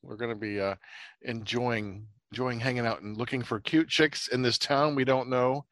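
A man co-hosting a casual podcast, riffing with quick wisecracks. His voice sits at an average pitch, with a dry, close sound. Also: fairly even intonation, a bit bright, dry recording. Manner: joking, adds wisecracks and short agreements. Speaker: podcast co-host. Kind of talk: casual movie-review chat.

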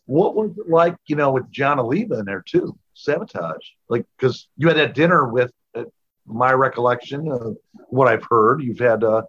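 Husky-voiced man, dull lo-fi sound. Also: mid-range voice, lively intonation, normal speed, a bit bright. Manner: asks long, meandering questions. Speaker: podcast co-host. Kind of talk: casual chat.

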